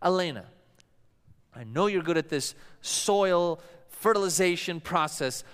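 A male pastor preaches in a high, clear, smooth voice, his words ringing out with a long reverb through a church hall. He tells stories and slips into the voices of the people he quotes. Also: expressive, a little slow. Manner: storytelling preacher who acts out quoted voices. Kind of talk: sermon.

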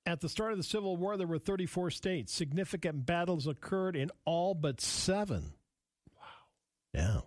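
A man co-hosting a casual radio show, his voice sitting a bit high and swinging through a wide range. He reads out trivia and laughs easily between lines. The studio sound is dry and close. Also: normal speed, no echo. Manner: animated, laughs often, reads out trivia items.

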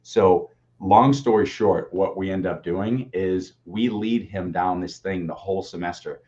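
Low-voiced man telling a wild story. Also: unhurried. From Boston area. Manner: animated, swearing, acts out quotes. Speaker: co-host. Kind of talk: casual storytelling. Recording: dull lo-fi audio.

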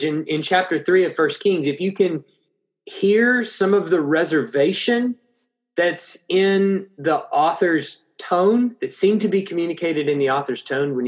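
A man preaching an expository Bible lesson, thinking aloud with frequent restarts. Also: on the high side.

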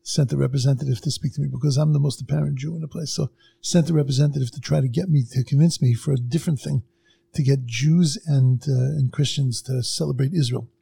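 A middle-aged man on a podcast telling a story in casual chat, acting out what other people said with sudden jumps in pitch. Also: fairly even intonation, fast talker, warm tone. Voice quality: gravelly and husky. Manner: acts out quoted people with big jumps in pitch.

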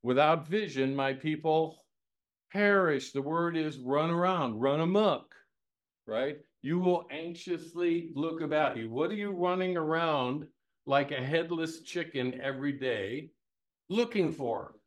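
A man teaching the Bible to a live group in a conversational way, lively and folksy, asking many rhetorical questions with homespun humor. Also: fairly high pitch, measured pace.

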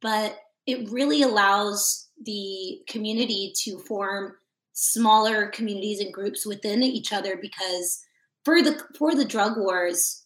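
A woman speaking as a podcast guest in an enthusiastic, casual way, with lots of fillers. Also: medium pitch. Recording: echoey room.

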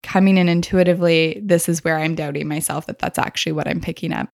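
A woman's voice: low voice, fairly even intonation, fast talker, gravelly, darkish tone, dry recording, clean studio sound. A woman hosting a podcast, telling stories in a chatty, casual way and laughing often. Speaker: podcast host. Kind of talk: casual storytelling.

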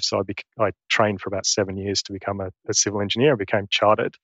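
A man's voice: on the low side, fairly even intonation, fast, hardly any pauses, a bit bright, no room sound, dull audio. A man in his forties from England, his Essex English accent turned Australian, telling his career story as a guest with earnest, restarting speech. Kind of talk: conversational interview.

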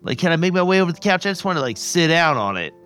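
A man's voice: fairly high pitch, big pitch swings, racing, fairly bright tone, faint music behind. A man playing a tabletop game, talking casually and hesitantly with many fillers. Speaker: player.

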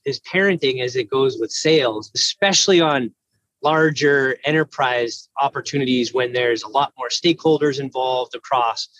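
A man's voice: on the high side, fairly bright tone, no room sound, dull audio. A man in casual conversation, talking earnestly and thoughtfully with lots of "like" fillers. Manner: earnest, reflective, many "like" fillers.

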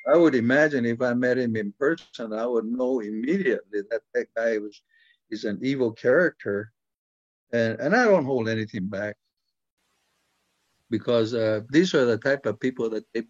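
Older man, blunt, rambling, mid-pitched, dry close sound, slightly dull recording. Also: darkish tone, dry recording. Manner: blunt, rambling with many restarts. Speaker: interviewee. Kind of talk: casual talk.

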